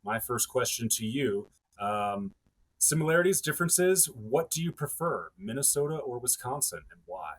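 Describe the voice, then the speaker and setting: A man co-hosting a podcast in relaxed chat, easygoing and thinking aloud as he talks. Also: mid-range voice, normal speed, husky. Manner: easygoing, laughs along, thinks aloud with fillers. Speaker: podcast co-host. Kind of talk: casual chat.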